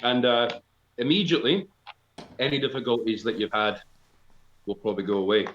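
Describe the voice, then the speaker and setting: A Scottish man spinning rambling, deadpan comic patter between songs. His voice sits in a middle range and sounds slightly dull. The room around him is echoey. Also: medium pitch, a little fast, slight background noise. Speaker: folk band member. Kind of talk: joking live-stream banter. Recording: echoey, slightly dull live-stream audio.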